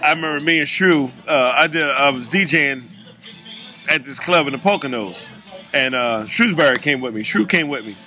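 Man, casual podcast co-host, animated storyteller, bright forceful tone, faint music behind. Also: medium pitch, normal speed. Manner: animated, jokey, acts out quoted voices.

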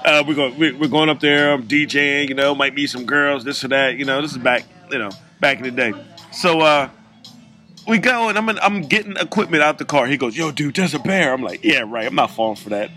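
A man co-hosting a casual chat, telling stories in an animated, joking way and acting out the people he quotes. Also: a little high, a little fast, soft background music. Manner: animated, jokey, acts out quoted voices. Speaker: podcast co-host.

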